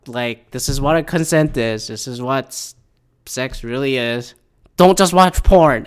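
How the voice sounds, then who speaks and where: A man's voice: on the high side, clean tone. Swearing heated young man ranting. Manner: profane, rambling, heated. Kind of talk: casual opinion rant.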